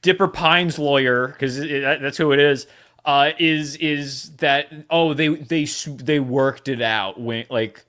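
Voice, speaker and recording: A man's voice: medium pitch, a little slow, a bit bright. A man co-hosting a podcast, chiming in with points in casual chat. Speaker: podcast co-host.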